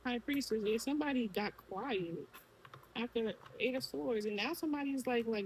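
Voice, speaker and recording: A woman's voice: fairly high pitch, moderate pace, slight background noise, low-quality recording. A woman with a Brooklyn accent giving a casual tarot reading, talking straight to the viewer and asking the cards questions aloud. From Brooklyn, New York. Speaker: tarot reader.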